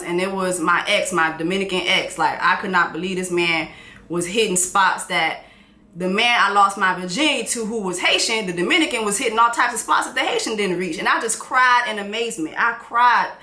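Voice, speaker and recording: A woman's voice: medium pitch, brisk, bright, forceful tone, echoey room. A woman hosting a casual commentary chat, blunt and joking, using slang. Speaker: host.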